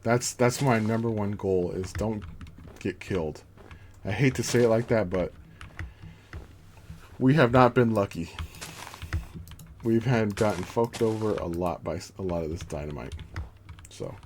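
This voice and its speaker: A man with a fairly low voice chats through his gameplay stream, narrating each move in a loose, self-amused way and now and then going mock-grandiose. Faint keyboard typing sits under his voice. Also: a little slow, pauses often, darkish tone, slight background noise. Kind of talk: casual gameplay commentary.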